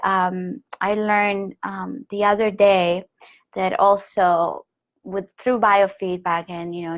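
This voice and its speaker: A woman giving a spiritual lesson on a live online call, speaking softly and gently and often sinking into a hushed whisper, with slow, repeated phrases. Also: medium pitch. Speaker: spiritual teacher.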